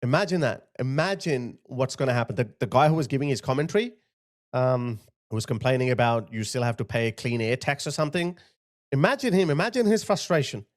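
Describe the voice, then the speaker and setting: A man's voice: mid-range voice, lively intonation, fairly quick. Indignant man commenting over clips. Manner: indignant, repeats "look at this". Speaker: channel host.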